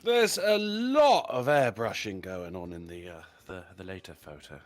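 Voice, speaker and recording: A man co-hosting a podcast, tossing in deadpan one-line jabs. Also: low voice, moderate pace, faint music behind. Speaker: podcast co-host. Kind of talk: dry comedic banter.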